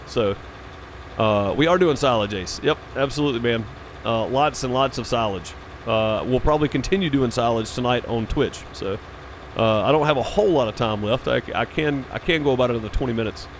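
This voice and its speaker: A man's voice: medium pitch, a little fast, slight background noise. Laid-back man chatting on a game stream. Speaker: live streamer, game host. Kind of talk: casual chat while streaming a farming game.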